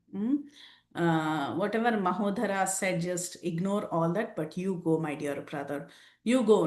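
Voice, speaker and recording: A woman doing a soft-spoken demon king. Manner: low, soft, coaxing. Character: proud demon king, indulgent toward his brother. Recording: roomy echo.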